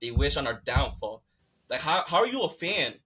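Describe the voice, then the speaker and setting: A podcast host from the United States rants in a fired-up, profane, repetitive way. His mid-range voice swings widely in pitch at a normal speed, with a bright, forceful, slightly rough tone.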